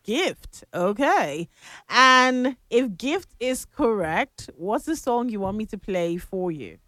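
A woman's voice: a little high, big pitch swings, slow pace, fairly bright tone, dry recording, clean studio sound. A woman hosting a morning radio call-in show, chatting playfully with callers and laughing often. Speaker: radio host.

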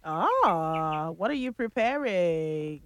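A woman's voice: on the low side, sing-song, extremely slow, a bit bright, a little hiss or hum. A woman hosting a morning radio call-in show, chatting playfully with callers and laughing often. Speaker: radio host.

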